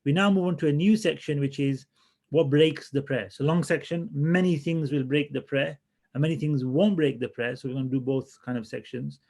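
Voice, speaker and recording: A man teaching a religious class in a relaxed, conversational way, often restarting his sentences as he thinks aloud. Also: fairly high pitch, normal speed, gravelly. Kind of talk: casual classroom lesson.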